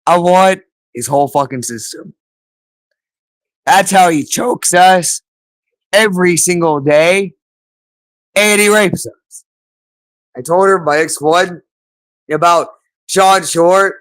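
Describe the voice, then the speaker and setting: A man's voice: high voice, takes it slowly, pauses often, a bit bright. A man delivering an agitated, rambling monologue, repeating himself and swearing often. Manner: agitated, repetitive, profane.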